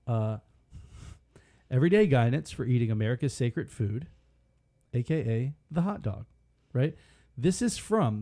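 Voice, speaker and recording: A man co-hosts a casual podcast, his voice dark and mellow. He talks in loose, crude, joking banter. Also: mid-range voice. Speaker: podcast co-host. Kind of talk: casual chat.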